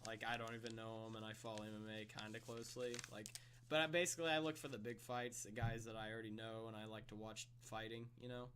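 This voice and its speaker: A young man with a bright, forward voice co-hosts a casual podcast. He rambles, stutters through thoughts and laughs a lot. A faint hum sits under the recording. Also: on the low side, fairly even intonation, fast. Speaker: podcast co-host. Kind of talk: casual chat. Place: room with a friend.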